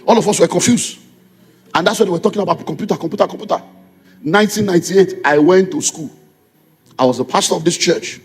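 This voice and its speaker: A man's voice: sits high, fast talker, long pauses, a little mellow, slightly rough. A middle-aged man with a Nigerian accent, preaching a sermon as a pastor, firing repeated rhetorical questions at his congregation. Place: church. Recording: long reverb of a church hall.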